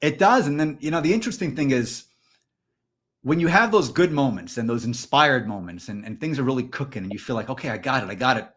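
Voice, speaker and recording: A man co-hosting a candid podcast conversation, telling stories in a loose, animated way with plenty of fillers. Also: medium pitch, fairly quick. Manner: storytelling, animated, frequent fillers. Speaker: podcast co-host.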